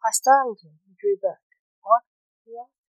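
A woman hosting a podcast and reading a gothic short story aloud in a slow, deliberate storytelling manner. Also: on the high side, dry recording, rough recording.

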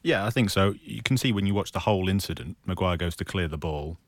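A man with an extremely deep voice chats casually about football. He ribs the others in a teasing way, and the sound is dry and close. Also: fast talker, no room sound. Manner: playful, teasing banter. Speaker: football pundit. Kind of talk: casual podcast chat.

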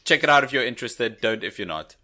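A man's voice: medium pitch, lively intonation, quick pace, bright, forceful tone. A man co-hosting a podcast, chatty and laughing often through casual chat. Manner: chatty, laughs while talking. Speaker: podcast co-host.

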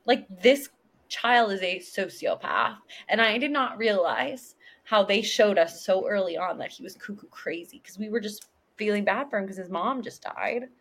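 A woman's voice: mid-range voice, lively intonation, moderate pace, fairly bright tone. A woman co-hosting a podcast, chatting casually as she recaps a TV episode and briefly acts out characters' lines. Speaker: podcast co-host.

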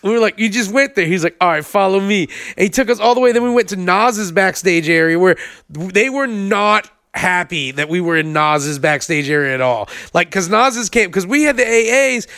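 A man's voice: high-pitched, expressive, normal speed, bright, forceful tone, no echo, studio quality. A man co-hosting a casual chat, laid-back and profane, backing up his partner's stories and acting out what people said. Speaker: podcast co-host.

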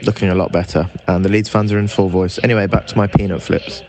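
A man giving lively, animated live match commentary as a fan. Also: deep voice, fast, over music. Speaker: podcast co-host. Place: indoors by a fireplace.

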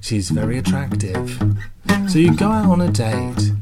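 A man co-hosting a comedy podcast, spinning crude, absurd scenarios in an animated way. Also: medium pitch, normal speed, loud music behind the voice. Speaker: podcast co-host. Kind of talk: comic improvised storytelling.

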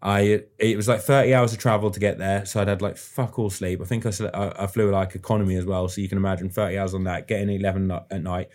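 An English man co-hosting a podcast, chatting casually and quickly, with banter and the odd swear word. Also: low-pitched, level tone, a little mellow. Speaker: podcast co-host. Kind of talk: casual chat.

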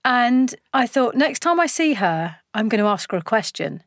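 Animated chatty woman, dry close sound. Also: on the high side, moderate pace, dry recording. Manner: animated, laughing, acts out quoted lines. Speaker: guest. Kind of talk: casual chat.

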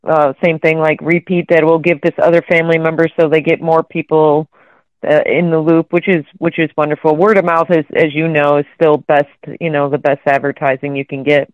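A woman's voice: sits low, flat delivery, a little fast, no room sound. Friendly innkeeper woman on a dull line. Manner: friendly, matter-of-fact, brief agreements. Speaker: bed and breakfast innkeeper. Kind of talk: casual chat.

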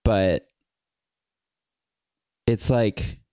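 A man co-hosting a podcast, chatting casually and cutting in eagerly with quick, animated asides. His voice sits on the low side, and it is recorded close and dry, with almost no room sound. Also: dry recording. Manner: quick, animated, breaks in with ideas. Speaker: podcast co-host. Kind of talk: casual chat.

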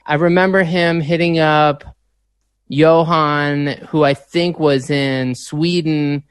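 A man casually telling an anecdote in a relaxed, halting way with a few restarts. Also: on the high side, clear, resonant tone, dry recording, clean studio sound.

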